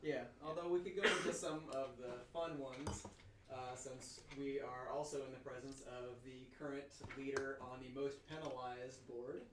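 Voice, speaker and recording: A man joining in on a casual podcast, teasing and telling quick stories. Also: mid-range voice, fairly even intonation, far from the mic, heavy background noise. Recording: echoey room, speaker off-mic.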